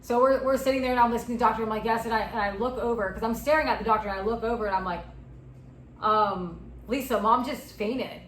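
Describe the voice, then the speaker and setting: A woman's voice: fairly high pitch, steady tone, fast, echoey room, slight background noise, poor audio. Young woman telling her story candidly. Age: 20s. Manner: candid, retelling with quoted dialogue. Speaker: interviewee. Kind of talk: personal story in a recorded interview.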